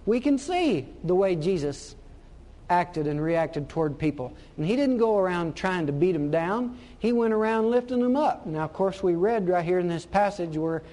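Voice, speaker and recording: A man's voice: sits high, lively intonation, moderate pace, dark tone. A man preaching a sermon, emphatic and fond of repeating his key phrases for weight.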